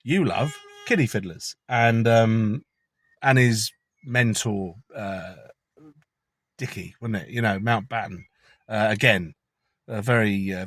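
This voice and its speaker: Man, low voice, dry close sound, chatty conspiratorial car vlog rant. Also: fairly even intonation, a little slow, fairly bright tone, dry recording. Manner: chatty, conspiratorial, swears casually. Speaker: vlogger. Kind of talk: rambling opinion monologue.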